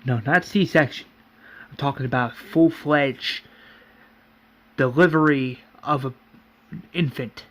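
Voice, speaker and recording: A man voicing a gruff male nurse who gives brusque, swearing orders. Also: medium pitch, slow pace, long pauses, a bit bright.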